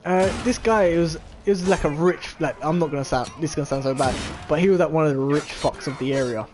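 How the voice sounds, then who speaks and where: A man's voice: a little high, quick pace, background noise. Young man telling a rambling story. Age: 20s. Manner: rambling and profane, full of filler "like". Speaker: vlogger. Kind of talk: casual storytelling chat.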